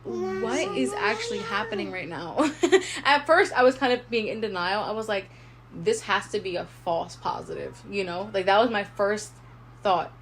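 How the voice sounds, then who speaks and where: A podcast co-host in her twenties tells a personal story in a loose, chatty way, using "like" heavily and animatedly acting out her inner thoughts. Her voice is at an ordinary middle pitch and moderate pace, with a faint hiss behind her.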